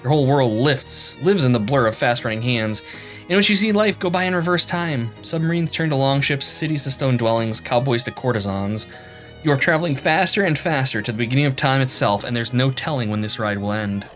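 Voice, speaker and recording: A man's voice: mid-range voice, fairly quick, fairly bright tone, faint music behind. A man streaming a video game, reading the game text aloud and reacting playfully.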